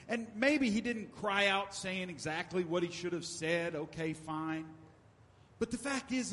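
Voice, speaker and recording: Male pastor, fairly high voice, chatty but emphatic sermon delivery, long hall reverb. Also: a bit bright. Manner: conversational preaching with emphatic repetition.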